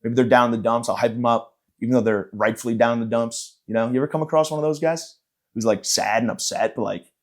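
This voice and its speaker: Brief: male comic podcast host, average pitch, rambling profane sarcastic monologue. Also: fairly even intonation, quick pace. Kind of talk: ranting comedic monologue.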